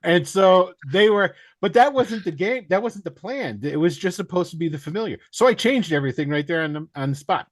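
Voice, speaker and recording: A man's voice: high voice, animated, brisk, few pauses, no echo, studio quality. A man in a casual chat telling a game master story, rambling and self-deprecating, laughing along the way. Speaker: dungeon master.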